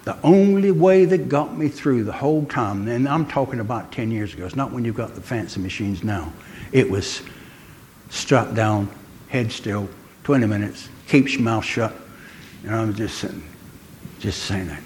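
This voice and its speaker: An older man preaching a sermon in an earnest way, pausing often and slowing down to stress key words. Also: on the low side, lively intonation, a little mellow, slight background noise. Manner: earnest, pausing, slows for emphasis.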